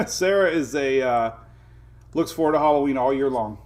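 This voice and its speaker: A man's voice: mid-range voice, animated, unhurried, a little mellow. A middle-aged man hosting a casual morning weather livestream, chatting with viewers, greeting them by name and chuckling often.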